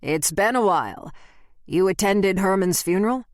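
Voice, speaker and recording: A woman's voice: mid-range voice, expressive, normal speed, no room sound, studio quality, close to an everyday voice. A woman voicing a brusque middle-aged businessman who answers in short, guarded lines, in an audiobook. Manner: curt and guarded. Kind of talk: audiobook character voice.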